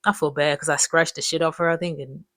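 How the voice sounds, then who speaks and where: Casual storytime host in their twenties, slangy and profane, at a middle pitch with no room sound. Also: flat delivery, fast talker, sharp tone, no echo. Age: 20s. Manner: rambling, profane, loose slangy talk. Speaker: vlogger telling life stories.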